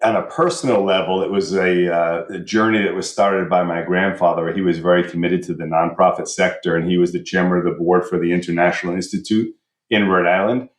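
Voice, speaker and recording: A man's voice: low voice, little pitch movement, brisk. A middle-aged man with a Basque Spanish accent, a podcast guest who speaks in a composed, articulate way. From United States. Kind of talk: podcast interview. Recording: echoey room.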